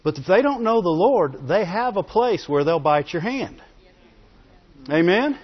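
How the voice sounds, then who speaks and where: A man's voice: high-pitched, sing-song, a little slow, breathy edge. A man preaching a sermon in a conversational way, often laughing and calling for amens. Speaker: pastor. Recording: dull lo-fi recording in a reverberant hall.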